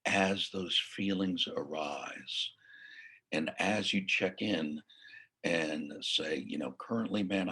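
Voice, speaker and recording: A man who works as a mindfulness coach, teaching in a casual, unhurried way and sometimes dropping to a whisper. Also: a bass voice, gravelly, sharp tone, slightly rough. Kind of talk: casual spoken lesson.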